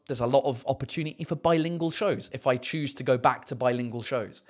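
Brisk and barely pausing, a man with a mid-range voice rambles through viewer comments on a live stream. He's a comedian and host, chatting loosely with lots of fillers and an odd curse.

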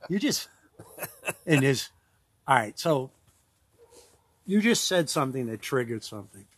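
A man's voice: medium pitch, very animated, a little slow, fairly bright tone, husky, dry recording. A man co-hosting a casual podcast chat, talking loosely with many restarts and frequent laughter. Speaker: podcast co-host.

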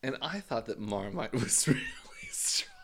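Playful man, relaxed co-host banter. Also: mid-range voice, a little slow, gravelly. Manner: playful, joking, fond of silly voices. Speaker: podcast co-host. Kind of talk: casual chat.

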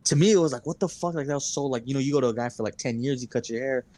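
A man's voice: mid-range voice, very fast, darkish tone. A young man co-hosting a podcast, telling long stories in casual chat, full of fillers and swearing. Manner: rambling storyteller, heavy swearing and fillers. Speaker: podcast co-host.

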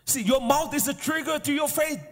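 A pastor whose voice is very high speaks at normal speed in a live sermon. Faint music and hall echo surround his emphatic, repeated declarations and his calls for the congregation to respond.

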